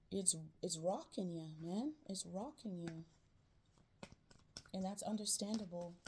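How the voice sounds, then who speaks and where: A woman's voice: on the low side, gravelly, a little hiss or hum. A woman giving a casual tarot reading to her viewers, chatty and slangy, checking in with "right?" again and again. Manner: chatty, repeats "right?" and "you know", slangy "man" and "yo". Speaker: tarot reader. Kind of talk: casual spiritual reading to camera.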